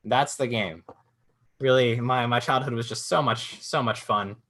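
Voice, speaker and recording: A young man doing a stand-up comedy set from home, telling jokes with deadpan punchlines and acting out silly voices. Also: mid-range voice, a little slow. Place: at home in a swivel chair.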